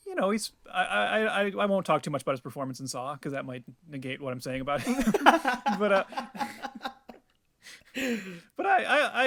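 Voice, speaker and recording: A man's voice: on the high side, vocal fry, fairly bright tone, no echo. A man co-hosting a podcast, teasing his partner with wry, mock-formal arguments. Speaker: podcast co-host. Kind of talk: casual podcast chat.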